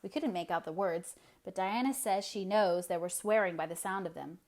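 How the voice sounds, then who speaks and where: A woman's voice: mid-range voice, normal speed, a little mellow, natural voice. Storybook: earnest idealistic teen girl, voiced by a woman narrator. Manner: enthusiastic, earnest. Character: earnest idealistic sixteen-year-old girl.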